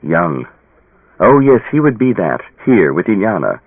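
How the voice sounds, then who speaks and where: A male audiobook narrator reads scripted narration with dramatic, very animated expression, his pitch swinging widely around a lowish center at an unhurried pace. His voice is husky and dry, and the dry recording sounds thin and tinny like a phone line.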